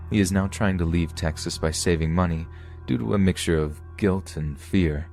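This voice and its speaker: Deep-voiced man reading a creepy story. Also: a little mellow. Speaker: story narrator.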